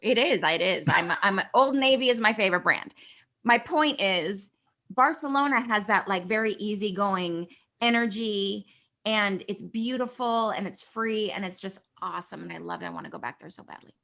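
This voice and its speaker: A middle-aged woman from California, a guest actress, chatting casually and telling stories in an animated way, acting out quoted dialogue. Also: medium pitch, normal speed, gravelly. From California, USA. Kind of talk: casual interview storytelling.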